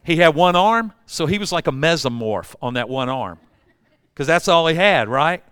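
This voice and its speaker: A man's voice: fairly high pitch, animated, moderate pace, a bit bright, smooth, dry recording, studio quality. An older man preaching a sermon, telling folksy stories and acting out voices. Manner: folksy storytelling with acted-out voices. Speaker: pastor.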